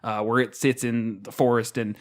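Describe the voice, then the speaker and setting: Podcast co-host, man, casual and rambling, mid-pitched voice, talks through rules aloud. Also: little pitch movement, moderate pace. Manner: rambling, many fillers and restarts. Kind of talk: casual tabletop game chat.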